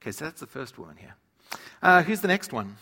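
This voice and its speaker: Bright-voiced man teaching scripture. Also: fairly high pitch, fast. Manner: animated storyteller who acts out quotes. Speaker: preacher. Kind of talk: humorous Bible teaching.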